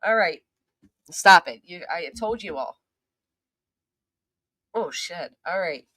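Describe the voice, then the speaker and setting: A woman's voice: on the low side, animated, slow, pushed and bright, dry recording, clean studio sound. A woman hosting a casual livestream, chatting and greeting viewers by name, swearing now and then. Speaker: channel host.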